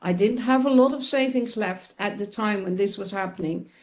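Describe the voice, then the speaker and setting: A woman telling a personal story as a guest on a talk show, earnest and expressive, often restarting her sentences. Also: mid-range voice, normal speed.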